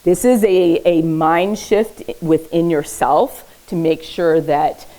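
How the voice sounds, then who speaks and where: A woman's voice: lowish voice, steady tone, slow, dark tone, poor audio. A woman therapist giving a casual parenting talk at a library event. She speaks conversationally, keeps checking in with the audience with "okay?", and adds light humor. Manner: uses light humor while teaching. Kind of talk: informal educational presentation. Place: public library event room.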